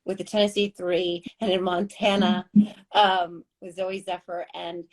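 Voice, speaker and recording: A woman's voice: lowish voice, flat delivery, a little slow, poor audio. A woman co-hosting a podcast, speaking in an effusive, emotional way with frequent restarts. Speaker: podcast co-host. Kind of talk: casual chat.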